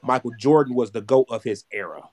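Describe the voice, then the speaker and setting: A man's voice: mid-range voice, animated, brisk, darkish tone. Podcast co-host, man in his twenties, loose rambling delivery, frequent profanity. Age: 20s. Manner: rambling, repeats words, swears freely. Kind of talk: casual chat.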